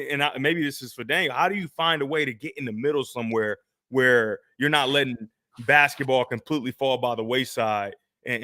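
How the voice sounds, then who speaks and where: A man co-hosting a casual sports talk show, talking in an animated, conversational way with lots of rhetorical questions. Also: mid-range voice, dry recording, clean studio sound.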